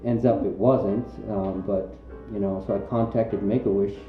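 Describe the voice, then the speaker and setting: A man's voice: on the low side, steady tone, normal speed. A man volunteer answering an interview in a rambling, casual way with many fillers. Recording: echoey, dull lo-fi sound, faint music.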